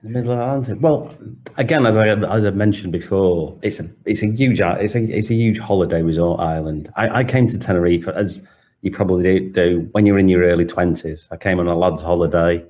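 Manchester man, low mellow voice, chatty guest on a call. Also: a little fast. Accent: Manchester English. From Manchester, England. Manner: chatty, laughs often. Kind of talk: casual conversation.

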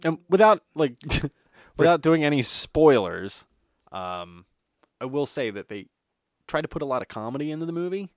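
A man's voice: on the high side, big pitch swings, normal speed, no echo, clean studio sound. A man co-hosting a podcast, telling a rambling story in casual chat, swearing often and filling with "like". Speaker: podcast co-host.

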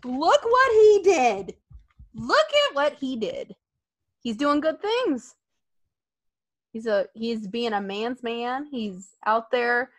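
Animated woman podcast co-host. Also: fairly high pitch, slow, no room sound. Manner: animated, laughing often, acting out quotes. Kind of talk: casual wrestling podcast chat.

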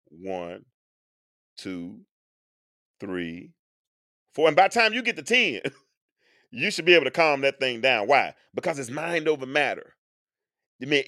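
An earnest man in his forties hosts a live stream, lecturing his audience and circling back over his phrases as he builds a point. His voice sits a little high for a man. The sound is close and dry, with no room around it. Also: fairly bright tone, no room sound. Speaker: host.

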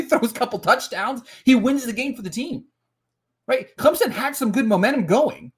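A man's voice: very high voice, lively intonation, moderate pace. A man hosting a casual sports podcast, heated and frustrated, often repeating words and restarting his sentences. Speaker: podcast host.

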